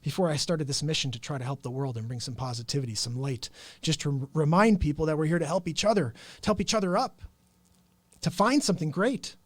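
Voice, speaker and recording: A man's voice: fairly high pitch, fast, dry recording. A man hosting his own talk stream, speaking in an earnest, upbeat, rambling way. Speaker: host. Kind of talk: casual solo livestream talk.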